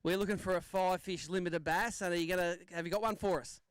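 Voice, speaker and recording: Male MC, upbeat banter, high smooth voice. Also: fairly even intonation, quick pace, no echo. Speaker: tournament weigh-in MC. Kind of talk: live event emceeing. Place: outdoor lakeside weigh-in stage.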